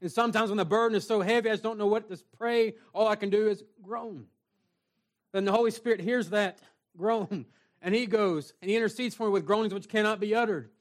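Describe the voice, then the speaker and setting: A man's voice: high-pitched, brisk. A man pastor preaching a sermon in a small church, earnest and reading scripture aloud. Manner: earnest preaching, reads scripture aloud in King James wording.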